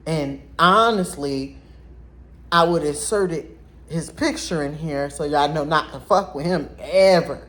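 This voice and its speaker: Woman vlogging a story straight to camera, kinda low voice, blunt, animated, talks right to the viewers. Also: measured pace. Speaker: vlogger telling a personal story. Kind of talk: casual storytelling vlog.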